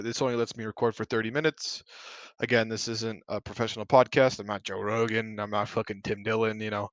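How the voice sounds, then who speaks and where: A man's voice: mid-range voice, fairly bright tone, dry recording. A man hosting a casual solo podcast, talking bluntly and profanely, working himself into heated rants full of "you know" and "like.". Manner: loose talk with fillers like "you know" and "like". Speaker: podcast host.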